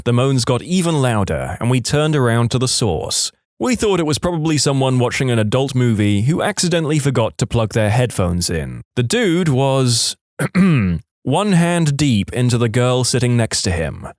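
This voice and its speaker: A man reading online stories aloud as scripted narration, expressive, with dry asides. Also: medium pitch, normal speed, few pauses, no echo.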